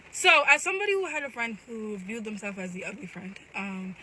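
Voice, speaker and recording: A woman's voice: medium pitch, a little fast, bright, forceful tone, slight background noise, poor audio. A woman telling a personal story straight to her phone camera in an emphatic, direct way. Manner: emphatic, addresses viewers directly.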